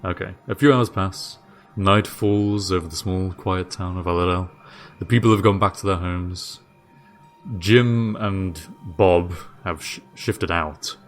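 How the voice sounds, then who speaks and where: A man with a low voice runs a tabletop game. He narrates in a relaxed, easy way, setting the scene between the players' turns. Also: unhurried, faint music behind. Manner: relaxed, laughs often. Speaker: game master.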